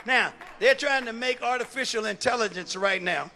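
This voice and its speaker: High, bright-voiced shouting preacher man. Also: normal speed, hardly any pauses. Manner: shouting, rhythmic repetition, call-and-response. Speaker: bishop preaching. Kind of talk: fiery sermon.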